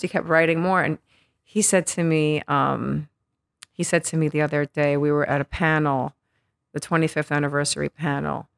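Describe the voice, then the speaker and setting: Animated, cursing New woman telling stories. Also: sits low, vocal fry. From Queens, New York. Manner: animated, profane, acts out quotes. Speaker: podcast guest. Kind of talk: casual storytelling interview.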